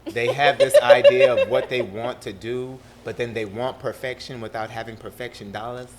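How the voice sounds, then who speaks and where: A young man with a South Carolina accent, a producer talking as an interview guest in a lively, laughing way. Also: medium pitch, normal speed, a little hiss or hum. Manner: animated, laughing storyteller. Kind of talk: casual interview talk.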